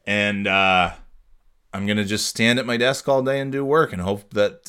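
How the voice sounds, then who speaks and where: A man's voice: fairly low pitch, steady tone, moderate pace, pushed and bright, smooth. A man hosting a solo podcast, ranting in a rambling, profane way with frequent restarts. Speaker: podcast host. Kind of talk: casual solo podcast monologue.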